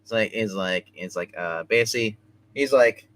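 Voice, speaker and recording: A man hosting a casual comic book review, rambling as he retells scenes and tosses in quick bits of dialogue. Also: on the low side, big pitch swings, a bit bright, low-quality recording.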